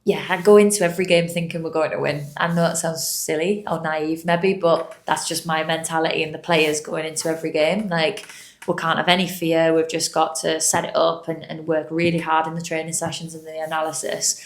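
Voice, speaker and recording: A woman football manager giving measured, positive answers at a post-match press conference. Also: deep voice, flat delivery. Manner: measured and positive, with many fillers.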